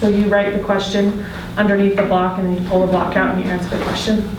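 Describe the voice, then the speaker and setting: A woman's voice: mid-range voice, level tone, quick pace. A woman giving a class presentation on reading comprehension, going through prepared points with frequent ums. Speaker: education student presenting. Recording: echoey classroom, distant mic, background noise.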